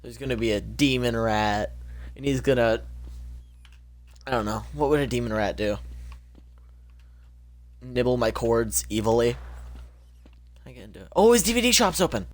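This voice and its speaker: A young man streams a game and talks through it casually, cracking jokes and blurting out reactions. His pitch swings widely and stays animated throughout. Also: fairly quick. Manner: jokey, exclaiming, talking to himself. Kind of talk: casual gameplay commentary.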